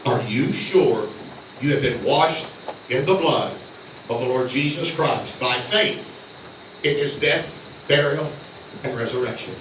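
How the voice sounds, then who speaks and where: An older man with a Southern American accent preaching a sermon, telling folksy stories that swing from hushed low tones to loud shouts. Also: measured pace, long pauses, slight background noise. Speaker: guest preacher. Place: church sanctuary. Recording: echoey church from far off.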